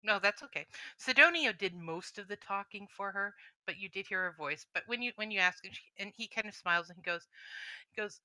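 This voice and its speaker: A woman narrating as game master, describing scenes with frequent pauses. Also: mid-range voice, bright, forceful tone, no room sound, low-quality recording. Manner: descriptive, hesitant with fillers.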